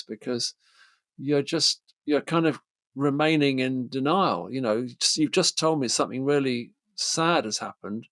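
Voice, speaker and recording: A middle-aged British therapist, appearing as a guest in a casual conversation, speaks thoughtfully and hesitantly, using many fillers. His mid-range voice is a bit bright, moves at a moderate pace, and the recording is dry.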